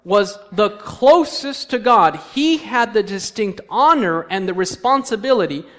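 A man preaching a sermon in a church. He reads scripture aloud and quizzes the congregation, moving between quiet asides and emphatic lines. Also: high-pitched, lively intonation, unhurried. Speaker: pastor. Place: church sanctuary.

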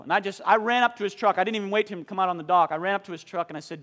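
A man preaching a sermon, asking the congregation questions and reading scripture with slow, drawn-out emphasis, his delivery swinging from booming to hushed.

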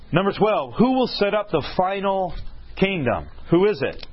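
Here a man with a fairly high, lively voice delivers a sermon at normal speed, weaving in a story and answering the questions he puts to the congregation. Slight background noise sits under a husky, dull lo-fi sound.

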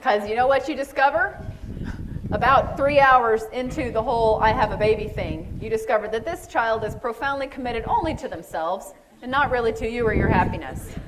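A woman preaches with lively storytelling, slipping into the voices of the people in her anecdotes. Her voice sits a little high. She sounds middle-aged. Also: background noise. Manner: animated storytelling, acting out quoted voices. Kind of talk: sermon.

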